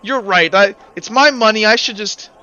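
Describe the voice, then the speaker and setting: A chubby, conspiratorial vampire merchant who talks to customers like old friends, as a man puts him on. The voice is bright and clear, with a dull, lo-fi edge to the sound. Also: high voice, moderate pace. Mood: chummy. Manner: wheedling, chummy.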